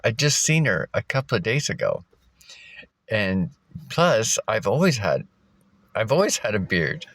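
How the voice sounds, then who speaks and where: A man's voice: fairly low pitch, sing-song, unhurried, pauses often, fairly bright tone, no room sound. A man vlogging from a park, talking in a loose, rambling way with fillers and chuckles. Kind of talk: casual rambling vlog. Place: outdoors at a park.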